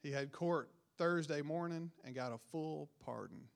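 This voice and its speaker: Guy with a high voice retelling a bible story in a sermon, loud then quiet. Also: normal speed, creaky, a little hiss or hum. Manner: storytelling, swings between raised emphasis and dropped quiet endings. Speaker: preacher.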